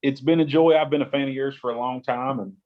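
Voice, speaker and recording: With a steady tone and a fast pace, a mid-range male voice belongs to a West Virginia gospel singer chatting in a casual podcast interview. He rambles, restarts often, and uses "like" repeatedly, while the recording lacks its highs.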